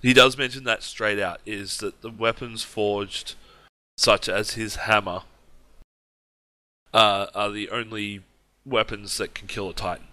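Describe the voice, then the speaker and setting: Casually walking through a movie plot scene by scene, this podcast co-host restarts often and laughs as he goes on at length. His lowish voice is steady and sharp, a little slow, and recorded dry.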